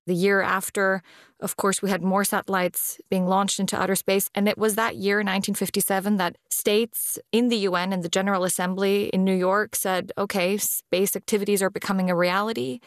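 A woman speaking as a space law official in an interview, explaining in a deliberate way with pauses between phrases. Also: mid-range voice, dry recording, clean studio sound. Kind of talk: measured explanatory interview talk. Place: based in Vienna.

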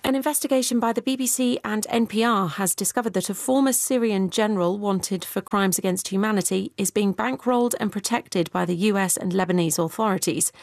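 Woman reading the news on radio, steady and formal, dry close studio sound. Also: mid-range voice, dry recording. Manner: measured, even delivery. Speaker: newsreader. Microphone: studio microphone.

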